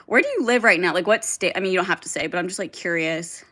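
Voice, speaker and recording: A young woman hosts a casual livestream, reading and answering viewer comments as she rambles, leaning heavily on "like" and swearing often. Her voice sits on the low side, with a quick pace and a fairly bright tone.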